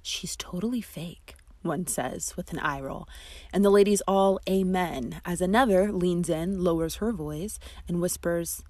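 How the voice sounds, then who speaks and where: A woman's voice: on the low side, unhurried, a little mellow, dry recording. A woman hosting an advice podcast as a friendship coach, talking in a chatty, emphatic way with asides. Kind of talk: scripted podcast narration and advice.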